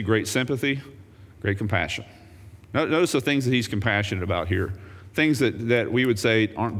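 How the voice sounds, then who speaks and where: A male pastor delivers a lively sermon in a mid-pitched voice, jumping from loud raised points to quiet murmured asides. He throws in wry jokes along the way. His voice rings out with a long reverb through a church sanctuary. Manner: animated preaching, swinging from loud raised emphasis to quiet low asides.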